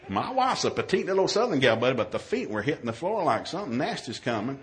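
A man who is a minister, telling a humorous story in a sermon, acting out his own yelled lines in a raised voice. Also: fast, some chatter behind, a little hiss or hum. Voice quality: animated, shifts to high yelling quotes.

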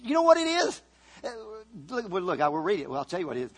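A man preaching a sermon, fervent, swinging from loud calls to quiet asides. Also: high-pitched, huge pitch swings, fast talker.

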